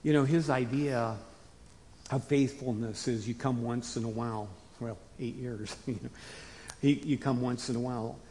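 A man preaching a conversational sermon to his congregation in a folksy way, rising to emphatic bursts and dropping to quiet asides. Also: mid-range voice, steady tone, moderate pace. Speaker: pastor. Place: church sanctuary. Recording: long hall reverb.

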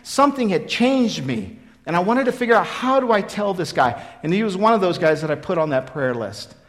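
A man in his fifties preaching a sermon, telling his own story in an earnest, repetitive way that swings from loud emphasis to quiet. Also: high-pitched, very animated, brisk. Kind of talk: sermon with personal testimony.

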